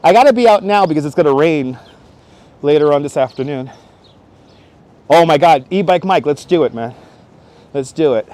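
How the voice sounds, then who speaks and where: A man's voice: on the high side, lively intonation, moderate pace, pauses often, a little mellow. A man chatting casually with viewers while live-streaming as he walks city streets, greeting them by name and joking. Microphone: wireless clip-on mic.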